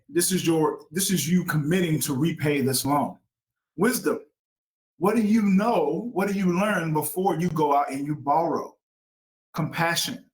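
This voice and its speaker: A man's voice: a little high, poor audio. A man hosting an educational talk show, speaking upbeat to the listeners as folks. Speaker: podcast host.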